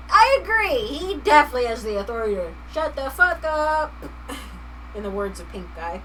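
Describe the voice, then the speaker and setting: A woman's voice: on the high side, sing-song, slow, pauses often, fairly bright tone, recorded from a distance, slight background noise, poor audio. Chatty woman streaming while crafting. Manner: chatty, laughs often, reads chat aloud. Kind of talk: casual live-stream chat.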